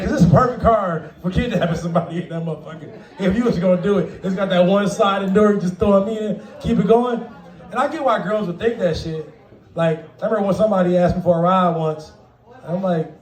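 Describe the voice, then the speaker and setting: A man's voice: high voice, brisk, roomy sound, recorded from a distance. A man performing a profane stand-up comedy set, laughing often and acting out the people in his stories. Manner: profane, laughing, acts out quoted voices. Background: audience laughter.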